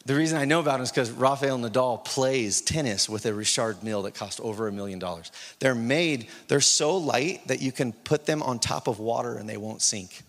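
A man's voice: mid-range voice, a little fast, few pauses, fairly bright tone, in a large hall. A man preaching a sermon as pastor, telling a story with acted-out dialogue and building to urgent exhortation.

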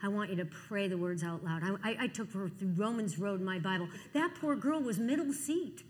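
Animated woman preaching in a large hall. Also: medium pitch, a little fast. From Cleveland. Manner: animated storytelling, acting out dialogue. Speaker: Christian speaker. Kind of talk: testimony sermon.

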